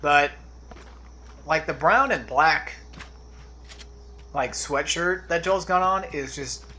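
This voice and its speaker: Rambling man with a bright voice. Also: a little high, takes it slowly, slight background noise. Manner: rambling, drifts off on tangents; laid-back, trails off into mumbles. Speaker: let's play commentator. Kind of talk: casual gameplay commentary.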